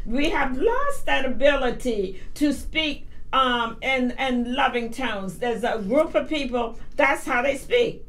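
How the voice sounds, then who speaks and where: Earnest, thoughtful woman from the US South as a talk radio guest, with a slightly high voice. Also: animated, slow pace, fairly bright tone. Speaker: radio guest, mother mentor.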